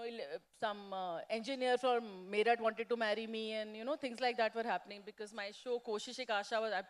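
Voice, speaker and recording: Lively woman telling stories on stage. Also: a little high. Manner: lively, self-mocking storyteller. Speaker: poet and actress, featured guest. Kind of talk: candid anecdote at a festival Q&A. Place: festival stage before an audience.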